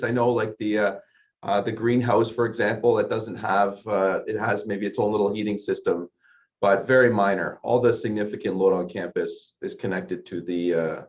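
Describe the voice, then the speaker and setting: A man's voice: on the low side, steady tone, normal speed, lo-fi sound. A man on a webinar panel, answering questions in a casual, explanatory, somewhat hesitant way over a video call. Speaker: award-winning panelist.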